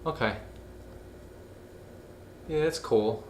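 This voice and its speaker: Slow, tired young man streaming. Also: medium pitch. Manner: slow, tired, mumbling, profane. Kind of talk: casual live-stream chat while editing. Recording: echoey room with faint hum.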